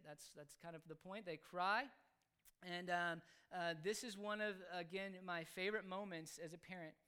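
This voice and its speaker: A man explaining how he raises his children, speaking earnestly in halting phrases. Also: high voice, pushed and bright, clean tone. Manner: earnest, halting, with frequent restarts. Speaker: father explaining his parenting. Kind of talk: casual spoken explanation.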